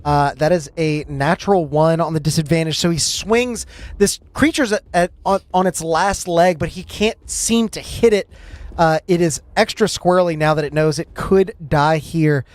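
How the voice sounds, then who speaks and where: A man narrating as game master of a tabletop role-playing game, relaxed, with frequent hesitations. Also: on the high side, moderate pace, no room sound.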